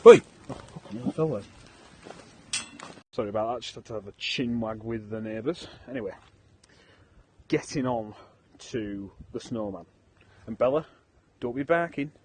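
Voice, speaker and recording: A man's voice: medium pitch, moderate pace, long pauses, a little mellow, rough recording. Sweary guy outdoors in snow. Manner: sweary, jokey running commentary to his dog. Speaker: podcast co-host. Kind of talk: casual vlog. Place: outdoors on a snowy street. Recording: outdoor camera audio with ambient noise. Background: outdoor ambience and a barking dog.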